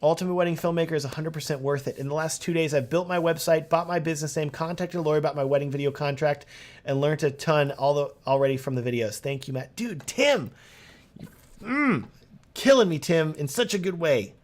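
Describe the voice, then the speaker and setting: Young male host, casual live Q&A, lively and talkative, reads comments aloud. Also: a little high, fast.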